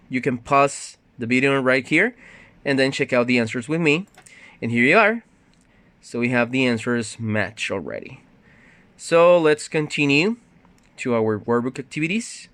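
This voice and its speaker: A man's voice: mid-range voice, a bit bright, smooth, no room sound. Dry-sounding male English teacher. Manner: explains step by step, often adds a questioning "no?"; reads textbook dialogues aloud with livelier intonation. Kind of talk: recorded online lesson.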